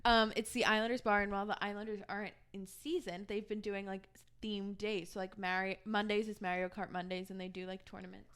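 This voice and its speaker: A woman's voice: mid-range voice, level tone, brisk, hardly any pauses, fairly bright tone, clear, resonant tone. A young woman co-hosting a podcast in casual chat, laid-back with short replies. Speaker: podcast co-host.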